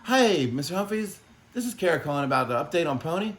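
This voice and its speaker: A man mimicking a chirpy young woman vet on the phone in a mocking, sing-song falsetto. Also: very animated, fast.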